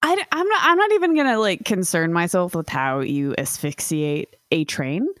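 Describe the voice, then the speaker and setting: A woman's voice: lowish voice, normal speed, no room sound, clean studio sound. A woman podcast co-host chatting casually and cracking jokes in reaction to a story. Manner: wisecracking, animated reactions. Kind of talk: casual comedic chat.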